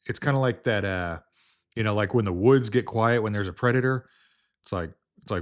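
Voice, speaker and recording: A man's voice: on the low side, a little fast. A man working as a home health nurse, casually telling a story in a rambling way, full of fillers and restarts.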